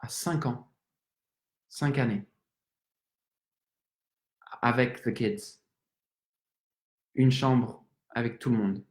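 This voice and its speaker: A man's voice: medium pitch, slow pace, pauses often, voice pushed up, lightly acted. A man with a French accent playing a drunk, apologetic young Frenchman in a stage monologue, rambling and stumbling over his words. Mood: awkward, chatty. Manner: rambling, stammering, switches between English and French. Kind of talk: theatrical monologue. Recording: roomy echo.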